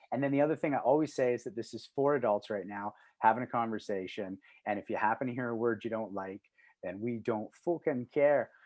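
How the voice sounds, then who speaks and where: On a martial arts talk show held over a video call, a middle-aged male co-host chats casually, earnest and rambling, and swears freely. His voice sits mid-range with a darkish tone and no echo.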